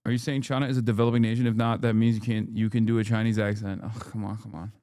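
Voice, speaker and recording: A man's voice: lowish voice, little pitch movement, quick pace, mellow, no echo. Man in his thirties, streamer, profane rant, hammering repetition, dry close sound. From United States. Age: 30s. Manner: emphatic, profane, repeats himself for stress. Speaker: streamer and political commentator. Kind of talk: casual ranting commentary.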